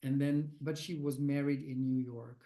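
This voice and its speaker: An older man being interviewed as a guest, speaking haltingly with many fillers and restarts. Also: mid-range voice, steady tone, creaky, mellow, rough recording. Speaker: guest researcher of near-death experiences. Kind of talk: conversational interview answers.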